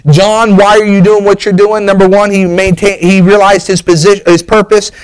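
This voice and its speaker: A man's voice: sits high, level tone, normal speed, smooth, poor audio. A man preaching a sermon, telling a story with an emphatic, rising and falling preaching cadence.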